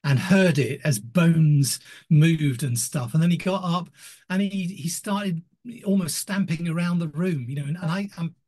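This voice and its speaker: An older man recounts stories in an interview, his voice sitting a little high. He talks in an animated way, stumbling into restarts and acting out what people said. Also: measured pace. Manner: animated storyteller, acts out quoted voices, many restarts. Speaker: retiring ministry director.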